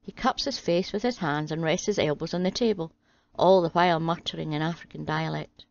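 A woman reading a string of jokes aloud in a steady, deadpan way. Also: low-pitched, a little fast, gravelly. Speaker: channel host reading jokes. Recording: dry, slightly dull home audio.

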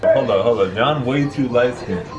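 A man in a joking, teasing back-and-forth with friends. His voice sits at an ordinary pitch. A loud crowd roars around him. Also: normal speed, lo-fi sound. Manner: joking banter among friends.

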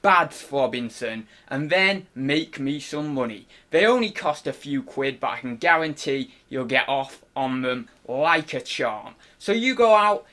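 A man hosting a comic vlog, playful and mock-grandiose, jumping between loud outbursts and hushed murmurs, at times talking while chewing. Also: medium pitch. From United Kingdom. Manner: talks while chewing an apple. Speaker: online reseller and channel host.

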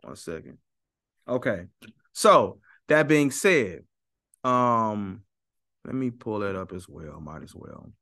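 A man lecturing his viewers with a lively, swinging pitch that goes from high and pushed to low and muttered. His tone is bright and forceful, and he argues his point, repeating lines to hammer them home. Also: slow, pauses often. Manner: emphatic, argumentative, repeats for stress. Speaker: YouTube teacher. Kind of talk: animated teaching monologue.

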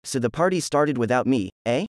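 A man voicing a brutish grown swordsman out for revenge, gruff and taunting in a fan story reading. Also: medium pitch, lively intonation, a little fast, no echo, studio quality, natural voice.

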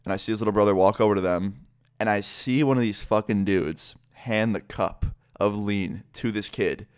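A man's voice: on the low side, normal speed, smooth, no echo, clean studio sound. A young adult man vlogger telling a story in a blunt, casual way, full of swearing and "like".

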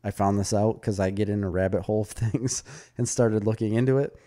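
A man's voice: on the low side, fairly quick. A man co-hosting a podcast, casually reviewing a movie and retelling anecdotes with laughter. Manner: animated storyteller, retells anecdotes with quoted voices; laughs often. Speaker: podcast co-host.

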